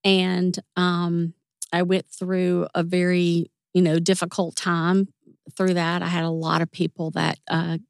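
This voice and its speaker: A woman's voice: lowish voice, a little slow, creaky, no echo, clean studio sound. A woman guest in an interview, telling personal stories in a casual, chatty way. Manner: warm, chatty, animated when retelling.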